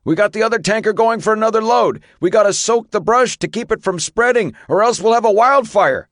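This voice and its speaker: A man narrating as a tribal fire chief, yelling urgently over roaring engines. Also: high voice, a little fast, no echo, studio quality, pitched above the performer's own voice.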